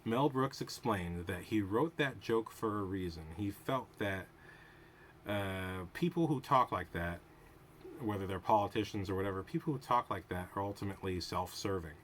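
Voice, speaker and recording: A man with a somewhat low voice talks through a TV episode in loose, analytical commentary. He thinks aloud, restarts his sentences and happily wanders off on tangents. A faint hiss sits under his voice. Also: moderate pace, fairly bright tone. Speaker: show host reviewing a TV episode.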